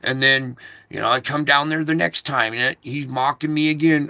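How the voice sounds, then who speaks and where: A man's voice: mid-range voice, normal speed, bright, forceful tone, no echo. A man recounting a recurring dream in a rambling, repetitive casual monologue, stopping now and then to fiddle with his equipment.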